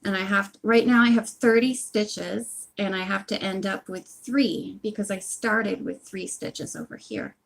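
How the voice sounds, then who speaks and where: A woman's voice: mid-range voice, fairly even intonation, a little slow, vocal fry, few pauses. A woman casually chatting on a phone livestream at home while she knits, rambling with lots of asides. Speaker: audiobook channel host.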